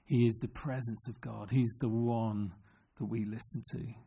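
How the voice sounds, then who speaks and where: A man's voice: medium pitch, flat delivery, moderate pace, gravelly, warm tone, slightly rough. A man preaching an earnest sermon, often asking his listeners questions. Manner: earnest, asks the congregation questions.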